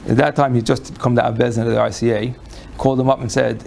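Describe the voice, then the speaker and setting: A man's voice: medium pitch, little pitch movement, fast, creaky, darkish tone, slight background noise. A man lecturing on Jewish law to a live audience, folksy and conversational, often restarting his phrases. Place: lecture room before an audience.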